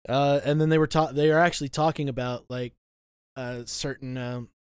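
A man in casual chat, relaxed and rambling, laughing easily. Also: mid-range voice, normal speed, clear, resonant tone, no echo.

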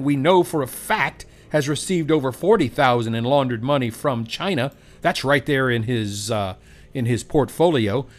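A man hosting a political commentary monologue, scornful and emphatic, repeating words for effect. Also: on the high side.

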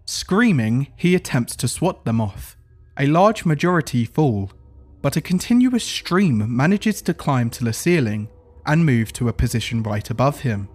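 Man, horror story narrator, report-style reading, animated pitch. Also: unhurried, slightly rough.

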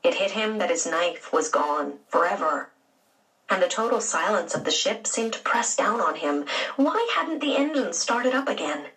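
A woman narrating a children's audiobook in an expressive storytelling manner. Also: mid-range voice, normal speed, recorded from a distance, low-quality recording.

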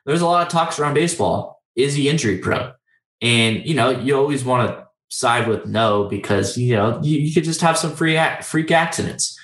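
A man's voice: mid-range voice, animated, moderate pace, fairly bright tone. A young man talking in a casual, rambling sports chat, full of fillers and restarts. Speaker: podcast co-host. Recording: roomy echoey recording.

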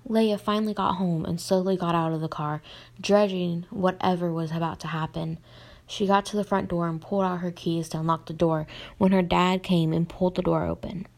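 A woman's voice: lowish voice, steady tone, brisk, creaky, darkish tone. A young woman reading her own story aloud on a podcast, plainly and with small slips and restarts.

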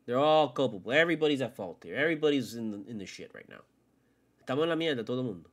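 A man delivers a solo sports podcast rant at a middling pitch, full of swearing. He swings between loud, heated outbursts and low, grumbling asides. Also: lively intonation, very fast. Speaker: podcast host.

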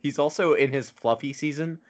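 A man's voice: fairly high pitch, a little fast. A man in casual chat with friends, teasing and swearing often.

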